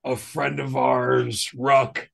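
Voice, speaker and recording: A man's voice: medium pitch, big pitch swings, extremely slow, creaky, a crowd in the background. A man co-hosting a podcast, chatting casually and telling profane, rambling stories. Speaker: podcast co-host. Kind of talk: casual chat.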